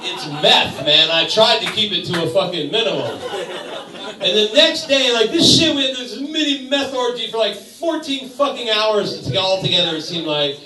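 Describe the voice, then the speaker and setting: A man telling a crude story on stage as a stand-up comedian, swearing freely and breaking into loud outbursts, with audience laughter behind him. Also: high voice, normal speed, a crowd in the background. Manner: profane, animated storytelling with sudden loud outbursts. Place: bar stage. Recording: echoey bar room, voice from far off.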